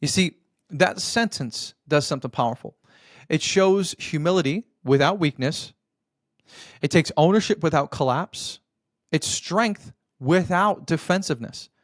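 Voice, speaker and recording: A man with a fairly high voice gives motivational marriage advice as a podcast host. He talks like a coach, earnest and direct, checking in with the listener often and calling him brother. The recording is dry, with no room sound. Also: unhurried, dry recording.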